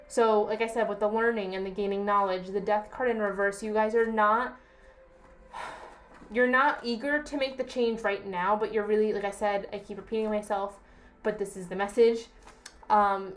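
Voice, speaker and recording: A young woman reading tarot cards to her viewers in a casual, reassuring way, often checking in with "okay?" and repeating herself. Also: medium pitch. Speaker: tarot reader.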